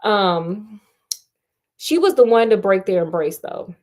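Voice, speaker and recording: A woman's voice: mid-range voice, slow, a little mellow. A woman reading a novel aloud, breaking off often for sassy, joking comments on the characters. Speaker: audiobook reader.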